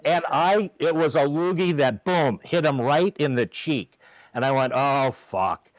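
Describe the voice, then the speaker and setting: A man tells lively stories from his umpiring days in a casual talk, his voice slightly high for a man. He acts out the shouting of the people in his tales. The sound is close and dry. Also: a little slow, dry recording, rough recording. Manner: lively, acts out quotes with raised voice. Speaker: former umpire, co-host. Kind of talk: casual storytelling chat.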